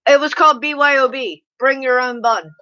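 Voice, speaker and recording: A woman's voice: high-pitched, steady tone, a little fast, sharp tone, highs cut off. A woman hosting a casual live stream, reading chat aloud and telling stories with lots of laughter.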